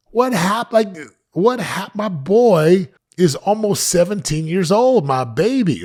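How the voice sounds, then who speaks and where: A man's voice: medium pitch, a little mellow, slightly rough. A man in his late forties giving an emphatic motivational talk to camera on his podcast, often repeating phrases for effect. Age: 40s. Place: podcast set.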